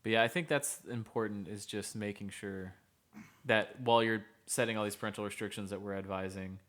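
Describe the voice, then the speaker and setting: Low-voiced man giving earnest advice. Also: fairly even intonation, fairly bright tone. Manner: earnest, advising, measured. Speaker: podcast co-host, therapist. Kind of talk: casual podcast chat.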